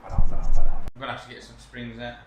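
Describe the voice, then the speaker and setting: A man hosting a car channel, chatting casually and excitably with a rambling, jokey manner in a garage. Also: normal speed, a little hiss or hum. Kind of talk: casual chat to camera.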